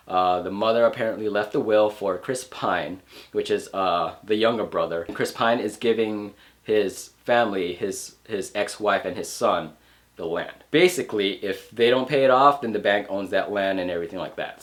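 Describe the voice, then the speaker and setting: A man's voice: fairly low pitch, slight background noise. A young man reviewing a film in a loose, chatty way, his voice stuffy and sniffly from allergies. He rambles, backtracks and leans on filler words as he talks things through. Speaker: movie reviewer. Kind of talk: casual spoken film review.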